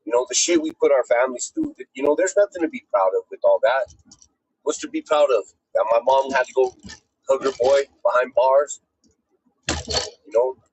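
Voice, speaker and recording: A man's voice: medium pitch, moderate pace, darkish tone, breathy edge, lo-fi sound. A man talking casually on a livestream in heavy street slang, calling people bro and homie, earnest and at times choked up. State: emotional, choked up. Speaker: streamer.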